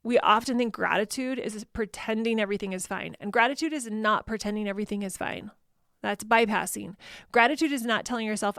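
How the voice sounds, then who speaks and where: Woman, podcast host, heartfelt and reflective solo talk, mid pitch, dry recording. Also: brisk, fairly bright tone, dry recording. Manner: earnest, heartfelt, self-correcting.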